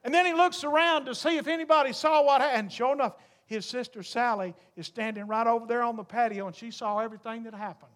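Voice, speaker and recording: A man preaching a sermon, telling a story with humor and rising to fervent, shouted appeals. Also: very high-pitched.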